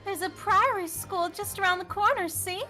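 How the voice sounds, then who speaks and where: A woman's voice: extremely high pitch, normal speed, pushed and bright, faint music behind. Venus, a woman putting on a sly Southern schemer. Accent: Southern US twang. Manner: sly, boastful. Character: scheming young woman fireworks seller. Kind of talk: reading game dialogue aloud.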